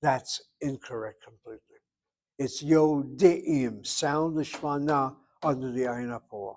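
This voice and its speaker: A man's voice: medium pitch, a little slow. An older man teaching a Hebrew grammar class, wandering off into asides and carefully over-pronouncing each word he wants students to copy. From United States. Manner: digressive, emphatic over-pronouncing.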